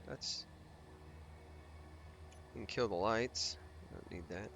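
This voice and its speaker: A man's voice: lowish voice, takes it slowly, gravelly, a bit bright, slight background noise. A man hosting a let's play, giving casual gameplay commentary and thinking aloud as he rambles through his plans with restarts and asides.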